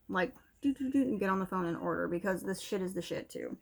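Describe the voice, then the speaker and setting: A woman's voice: mid-range voice, expressive, fast, creaky. A young woman vlogging a casual, candid makeup review at home, a little out of breath and breaking off now and then to scold her dog. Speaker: beauty vlogger. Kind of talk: casual product review chat. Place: home room, TV on in background.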